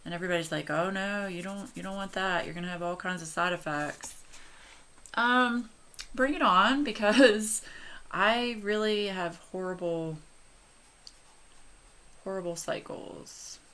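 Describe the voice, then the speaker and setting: Slow, bright-voiced woman in her forties. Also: medium pitch. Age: 40s. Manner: chatty, gushing, addresses viewers directly. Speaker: coloring channel host. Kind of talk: casual chat while coloring.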